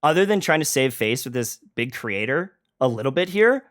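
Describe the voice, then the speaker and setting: A man's voice: mid-range voice, big pitch swings, moderate pace, fairly bright tone. A man hosting a stream, arguing over a call in an agitated, confrontational way, stumbling into restarts. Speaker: streamer and host. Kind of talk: heated online argument.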